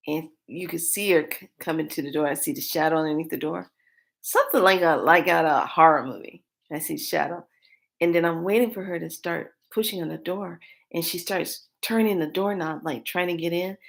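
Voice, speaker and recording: Low-pitched woman, casual animated storyteller, laughs a lot. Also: gravelly. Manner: animated, laughing, acts out quotes.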